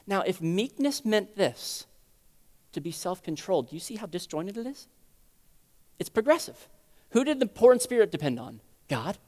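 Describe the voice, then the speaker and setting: A man preaching a sermon in a conversational teaching style, asking rhetorical questions and swinging between loud emphasis and quiet lows, heard with long hall reverb in a church sanctuary. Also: sing-song, moderate pace.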